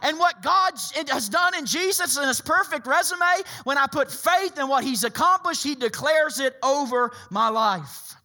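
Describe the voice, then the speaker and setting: High, bright-voiced passionate preacher man. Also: lively intonation, normal speed, hardly any pauses. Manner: impassioned preaching, swinging from loud to hushed. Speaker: pastor. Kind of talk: sermon.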